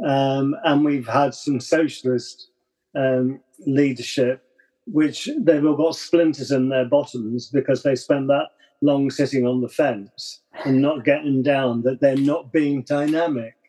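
A man who writes a blog, talking as a podcast guest in a casual conversation, giving reflective, measured explanations. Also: medium pitch, fairly even intonation, warm tone, breathy edge.

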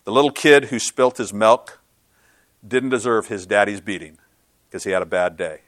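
A man's voice: lowish voice, normal speed, no echo. Earnest preaching man, dry sound. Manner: earnest, swings from loud to hushed. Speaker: pastor. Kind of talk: sermon.

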